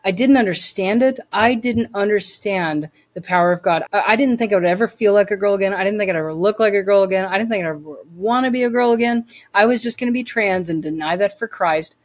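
A woman's voice: medium pitch, fast talker, few pauses. A woman telling her personal faith story as an interview guest, earnest and emphatic, often repeating words as she restarts.

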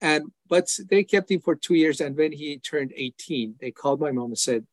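An older Iranian man, a ministry founder appearing as an interview guest, shares his personal testimony in an earnest, emphatic manner, acting out his prayers and replies in a raised voice. His voice sits on the high side and moves at a moderate pace, with no echo.

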